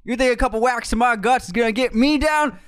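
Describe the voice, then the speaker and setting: A man voicing a menacing, taunting Southern ex-convict with a loud, high, sneering delivery and a Southern accent. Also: fast talker, smooth.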